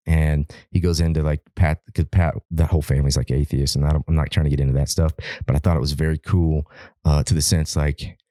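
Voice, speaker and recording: A man's voice: a bass voice, steady tone, fast, warm tone, no room sound, studio quality. A man from Alaska, a wildland firefighter, telling a long story on a podcast in a rambling, profane way, with many repeated words and restarts.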